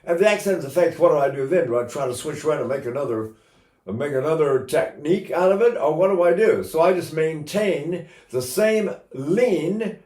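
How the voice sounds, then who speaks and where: An older man teaching singing technique, explaining calmly and breaking into loud operatic vocal demonstrations. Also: fairly high pitch, moderate pace, reverberant.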